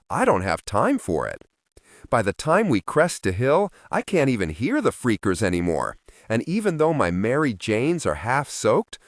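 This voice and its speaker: A man reading a first-person young adult story as an audiobook narrator, with expressive delivery. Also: mid-range voice, no echo, clean studio sound. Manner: expressive, shifting voices for characters.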